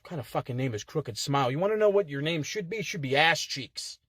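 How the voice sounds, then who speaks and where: A man's voice: fairly high pitch, lively intonation, quick pace, fairly bright tone, dry recording, studio quality. A man recorded inside a car, cutting a swaggering wrestling trash-talk promo full of heated profanity. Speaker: contestant in an online promo-cutting contest.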